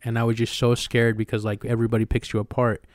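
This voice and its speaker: A young man, a podcast co-host, telling a personal story in a profane, animated way. His voice is smooth and clear, held fairly level in pitch, and the sound is dry and close to the mic. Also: quick pace, dry recording. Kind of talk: casual storytelling chat.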